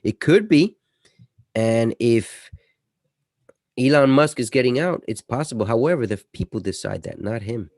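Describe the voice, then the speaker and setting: A man talks casually through his own screen as an investing channel host, at an everyday middle pitch. He leans hard on some words and lets others fall away quiet. The sound is close and dry, with no room around it. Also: animated, unhurried, long pauses, no echo. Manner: chatty, swings between loud emphasis and dropping quiet. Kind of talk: casual screen-share commentary.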